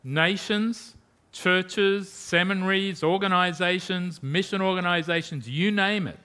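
A man preaching a sermon in an emphatic way, asking rhetorical questions and swinging from loud to hushed. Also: high voice, a little slow, clear, resonant tone.

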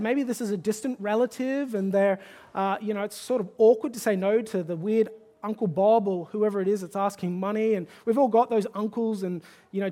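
A man's voice: high-pitched, darkish tone. A male pastor delivers a sermon in a conversational tone. He builds into emphatic, pleading exhortation.

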